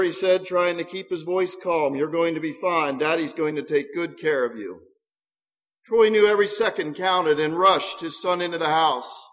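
A man's voice: a little high, fairly bright tone. A man reading a story aloud, earnest, with occasional small stumbles over words. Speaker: narrator. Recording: long hall reverb.

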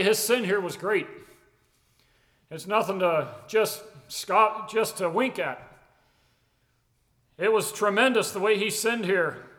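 High-voiced preacher in a reverberant hall. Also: male voice. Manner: emphatic, repetitive preaching cadence that swings from loud to hushed. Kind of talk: sermon.

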